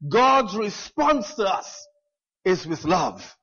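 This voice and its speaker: High-voiced chatty male preacher. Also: animated, measured pace, fairly bright tone, muffled recording. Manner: chatty, self-deprecating, with many fillers. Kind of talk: sermon.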